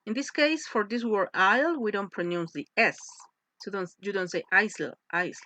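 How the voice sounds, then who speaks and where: A woman leads an English lesson at a deliberate, unhurried pace, checking in with her students as she explains. Her voice is bright and tense, recorded dry and close with a dull, muffled lo-fi sound. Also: mid-range voice, expressive, dry recording. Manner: slow, patient, repeats and checks with "yes?". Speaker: English teacher. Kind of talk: slow classroom lesson with read-aloud phrases.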